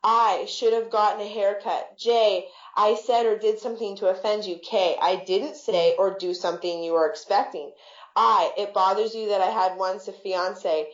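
A woman's voice: mid-range voice, steady tone, moderate pace, lo-fi sound, natural voice. A woman voicing an awkward, blunt adult man who makes oddly formal remarks, read in an echoey room. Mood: earnest.

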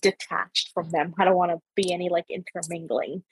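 A woman's voice: fairly low pitch, flat delivery, fairly quick, breathy edge, no echo, low-quality recording. A young woman with a Canadian accent from Ontario, hosting a podcast in casual chat, rambling with many fillers. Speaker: podcast host.

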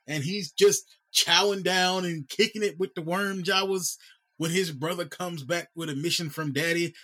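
High-voiced man, wry and skeptical. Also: pushed and bright. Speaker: podcast co-host. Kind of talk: casual chat.

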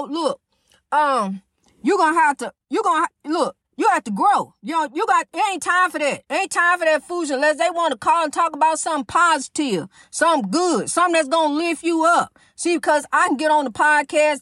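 Podcast host, woman in her 50s, high voice, preachy and repetitive, dry sound. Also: fairly bright tone, no echo. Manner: preachy, repetitive, calls listeners honey. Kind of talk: casual preachy monologue.

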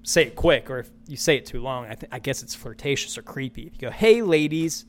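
A man's voice: medium pitch, fast, a bit bright. A man hosting a solo podcast, ranting with profanity and repeating his lines for emphasis. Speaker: podcast host.

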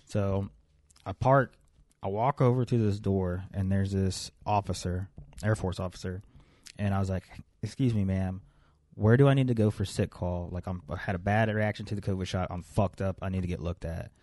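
Profane storytelling young man, deep voice. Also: moderate pace, dry recording. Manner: profane, animated storyteller acting out dialogue. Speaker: podcast co-host. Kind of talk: casual podcast chat, telling a story.

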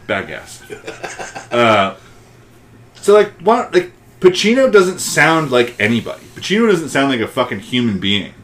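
A man's voice: medium pitch, big pitch swings, a little slow, pauses often, fairly bright tone. A man co-hosting a movie podcast, ranting and swearing freely in casual discussion. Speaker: podcast co-host.

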